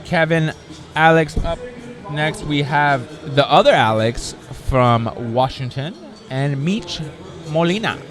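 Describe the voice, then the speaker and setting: A man's voice: on the high side, takes it slowly, over music. A man doing live commentary on a competition, playful, laughing often and calling results with announcer energy.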